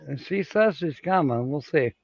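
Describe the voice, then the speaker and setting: A man's voice: fairly high pitch, creaky, no echo, highs cut off. A man hosting a casual livestream, reading out viewer comments and chuckling often as he rambles along. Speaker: livestream host. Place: home studio with green screen.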